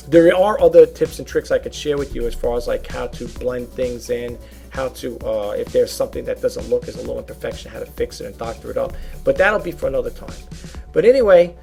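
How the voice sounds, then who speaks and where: Gravelly-voiced chatty man vlogging. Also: mid-range voice, animated, fairly quick, mellow, soft background music. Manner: rambling, chatty, repeats "okay?" and "folks". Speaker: YouTube reseller vlogger. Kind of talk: casual how-to vlog.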